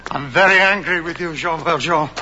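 A gentle older bishop. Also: male voice, a little high, normal speed. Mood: gently firm. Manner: calm, kindly, firm. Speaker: film actor. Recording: dull film soundtrack, faint noise.

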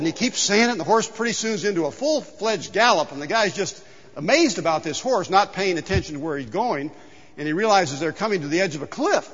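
A man preaching a sermon as pastor in a church, telling a folksy story with lively exclaimed punchlines. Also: fairly high pitch, a little fast, long reverb tail, highs cut off. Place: church sanctuary.

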